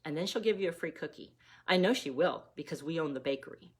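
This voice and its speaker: Woman voicing an eager bold schoolgirl, about ten, loud and lively, storybook reading. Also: fairly low pitch, fairly quick, breathy edge, full character voice. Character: bold, boisterous ten-year-old American girl.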